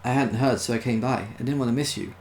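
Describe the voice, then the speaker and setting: A man's voice: medium pitch, quick pace, a little mellow, roomy sound, a little hiss or hum, lightly acted. A man voicing a poised middle-aged woman astrologer. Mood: calm.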